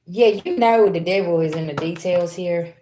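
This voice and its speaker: Low-voiced woman doing a chatty tarot reading. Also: normal speed. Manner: loose, chatty, talks straight to viewers. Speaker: tarot reader. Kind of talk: live-streamed tarot reading. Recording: roomy echo with faint background noise.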